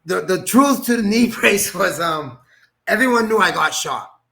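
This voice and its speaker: A man telling a personal story as an interview guest, animated, acting out quoted dialogue and laughing often. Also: high-pitched, measured pace, creaky. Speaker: guest, former boxer.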